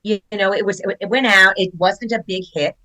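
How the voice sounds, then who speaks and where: A woman's voice: medium pitch, a little fast, sharp tone, rough recording. An older woman, an actress guest on a podcast, telling stories in casual chat and acting out quoted lines. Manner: chatty storyteller who acts out quotes.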